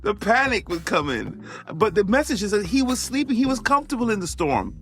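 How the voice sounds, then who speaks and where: Male physician-host, lively pitch, emphatic and chatty, faint music underneath. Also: a little fast. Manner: emphatic, conversational, repeats phrases for effect. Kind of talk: motivational podcast monologue.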